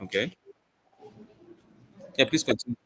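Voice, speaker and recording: A man from Nigeria with a Nigerian accent, presenting a live software demo in a casual, chatty way with plenty of fillers. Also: medium pitch, animated, unhurried, husky. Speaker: tech presenter.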